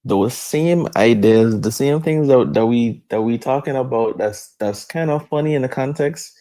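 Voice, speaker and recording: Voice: mid-range voice, normal speed, mellow. A speaker casually explaining ideas on how language changes, in a thoughtful way. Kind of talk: casual chat.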